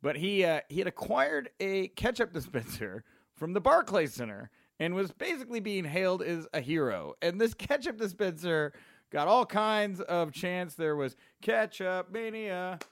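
A man hosting a podcast, telling a story in a casual, excitable way and laughing often. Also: high voice, moderate pace, no room sound, clean studio sound. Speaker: podcast host.

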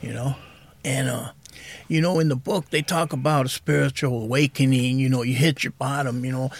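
Gravelly, husky-voiced man in his 50s, soft-spoken guest sharing a raw personal story. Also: medium pitch, steady tone, moderate pace, dry recording. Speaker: podcast guest in recovery.

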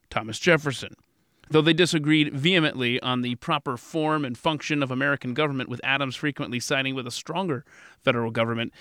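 A man's voice: mid-range voice, pushed and bright, no room sound, clean studio sound. A man hosting a podcast interview and reading an ad, joking about his own slips. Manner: self-deprecating, laughs at own slips. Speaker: podcast host.

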